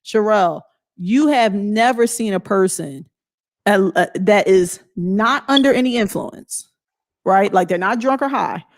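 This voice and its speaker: A woman's voice: medium pitch, unhurried. A woman vlogger giving a blunt, emphatic motivational talk in a casual way.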